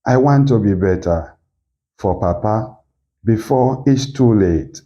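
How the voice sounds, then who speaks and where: A man's voice: on the low side, expressive, slow pace, lo-fi sound. A man voicing a rude, proud young woman who speaks scornfully and sharply. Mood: soft. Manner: sharp and scornful, later tearful.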